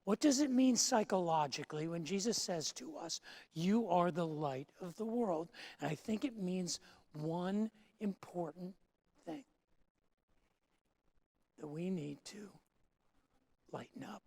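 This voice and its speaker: A pastor preaching a sermon in a church, moving from quiet, measured teaching to loud, emphatic declarations. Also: medium pitch, lively intonation.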